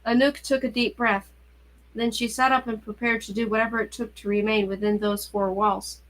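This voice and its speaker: A woman reading a novel aloud in a steady, even narrating voice. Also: on the high side, normal speed, rough recording. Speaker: reader. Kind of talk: audiobook-style novel reading.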